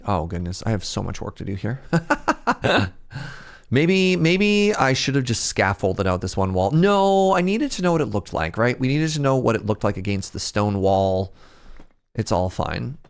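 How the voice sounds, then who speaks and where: A young Canadian man streams a building game in Minecraft, chatting casually with his viewers as he thinks aloud and pokes fun at himself. His voice is lowish and gravelly, with big pitch swings and a slightly slow delivery.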